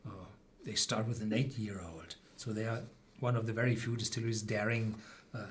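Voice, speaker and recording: A man hosting a live whisky tasting, explaining slowly with many fillers and restarts. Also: lowish voice, steady tone, slight background noise. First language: German. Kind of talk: live-stream tasting chat.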